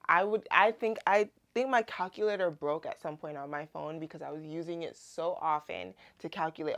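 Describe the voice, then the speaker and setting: Brief: young woman, lowish voice, casual animated testimony vlog. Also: a little fast. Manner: chatty, animated retelling with many "like"s. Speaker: Christian vlogger.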